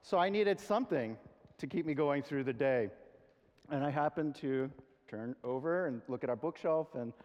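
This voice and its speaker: A man preaching a sermon in an earnest, conversational way, with reflective pauses. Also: on the high side, animated, highs cut off. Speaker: pastor. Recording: long reverb of a large hall.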